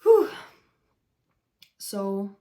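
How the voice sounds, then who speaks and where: A woman spiritual coach giving an earnest, unedited stream-of-consciousness live talk, often pausing to search for words. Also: mid-range voice, big pitch swings, dark tone.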